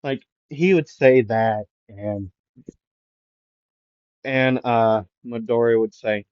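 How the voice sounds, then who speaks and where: A man's voice: medium pitch, slow pace, pauses often, darkish tone, no echo. A man improvising a fan what-if story, rambling with many fillers and restarts, in a dull, lo-fi recording. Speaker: anime channel host.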